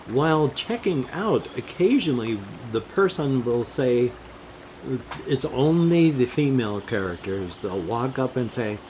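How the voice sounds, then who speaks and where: Slow, rambling older man vlogging. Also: medium pitch, big pitch swings, darkish tone, a little hiss or hum. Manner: slow, meandering, jumps between topics with chuckles. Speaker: gaming vlogger. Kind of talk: rambling casual monologue.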